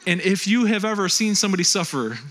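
Male pastor, animated sermon delivery, bright tone, slightly high voice. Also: quick pace, slight background noise. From Western New York. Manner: animated, quotes voices, conversational preaching.

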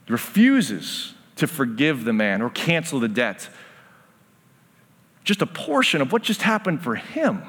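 A man's voice: mid-range voice, wildly swooping pitch, measured pace, a bit bright, slightly rough. A man preaching a sermon, earnest, acting out the voices of a parable as he tells it. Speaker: pastor. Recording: long hall reverb.

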